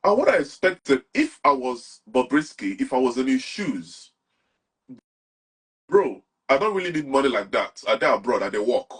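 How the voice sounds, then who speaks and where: A man's voice: mid-range voice, big pitch swings, normal speed, breathy edge. A young man with a Nigerian accent, talking animatedly as an interview guest and mixing Pidgin with English. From Nigeria, Anambra. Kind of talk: casual interview talk.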